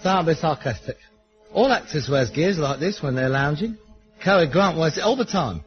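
A touchy, boastful would-be actor, played by a middle-aged man. His pitch sits high and leaps about as he protests and daydreams. The sound is muffled like an old TV recording. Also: animated, moderate pace, music in the background, lightly acted. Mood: exasperated. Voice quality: boastful, indignant. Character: aspiring working-class male would-be actor, pompous and touchy. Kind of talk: sitcom acting.

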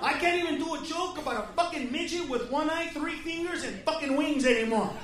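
Brash profane stand-up comic man, high voice. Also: brisk, background noise. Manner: brash, profane, shouting at the crowd. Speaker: stand-up comedian. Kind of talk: stand-up comedy set. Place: comedy club stage. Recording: echoey live club from a distance. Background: audience laughter.

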